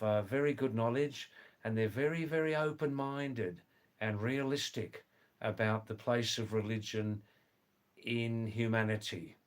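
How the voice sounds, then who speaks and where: A man hosting a casual livestream from indoors, chatting with viewers, greeting them by name and often laughing. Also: mid-range voice. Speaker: livestream host. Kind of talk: casual livestream chat, reading comments. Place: indoors, during a power cut.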